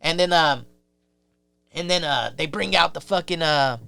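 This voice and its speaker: A podcast guest, a man with a bright, crisp voice, rambles through a story in casual chat. He pitches a little high and uses plenty of filler words. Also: measured pace, dry recording, soft background music. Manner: rambling, full of filler and swearing.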